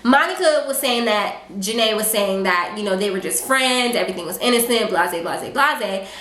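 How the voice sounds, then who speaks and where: A young woman vlogger telling a casual storytime, chatty and animated, full of fillers and quoted asides. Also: medium pitch, moderate pace, a little hiss or hum. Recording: echoey room.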